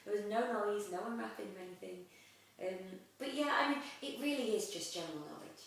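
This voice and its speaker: A young actress chatting in an interview, lively, with frequent laughs and "um" fillers. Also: female voice, medium pitch, fairly quick. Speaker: actress guest. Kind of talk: casual interview chat. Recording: echoey room, mic at a distance.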